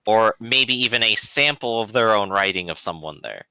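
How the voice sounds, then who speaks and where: A man's voice: lowish voice, moderate pace, clear, resonant tone, no room sound. A man playing a tabletop game, casual and joking. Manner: lively, joking. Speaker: player.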